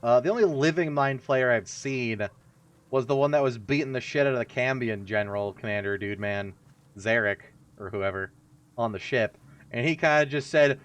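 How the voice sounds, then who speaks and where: A man's voice: mid-range voice, normal speed, clean tone. A man streaming a video game, giving casual, rambling, jokey and self-mocking commentary as he plays. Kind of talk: casual let's-play commentary.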